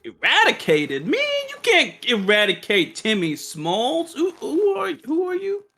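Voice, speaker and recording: A man voicing a brash, cocky young man who boasts loudly in a put-on accent, in a tabletop game. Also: very high voice, huge pitch swings, unhurried, pitched above the performer's own voice, full character voice. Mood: indignant.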